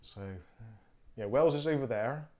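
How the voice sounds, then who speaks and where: A man hosting a casual live stream who jokes and thinks out loud while he unpacks gear. He gives blunt, opinionated asides as he goes. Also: medium pitch, moderate pace. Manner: chatty, jokey, thinks aloud while unpacking.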